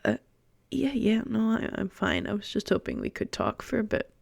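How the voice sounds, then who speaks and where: A woman voicing a shy, nervous young male toon who stammers softly. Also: a little high, huge pitch swings, normal speed, vocal fry, no echo, heavily acted. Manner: hesitant, stammering, soft.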